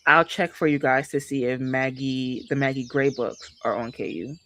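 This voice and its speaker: A casual livestream host talking about books, animated and emphatic. The speaker repeats lines to drive a point home and keeps turning to the audience. The pitch sits in a middle range. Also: moderate pace, a little hiss or hum. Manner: emphatic, repeats phrases for effect; chatty and animated, addresses viewers directly. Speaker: book streamer.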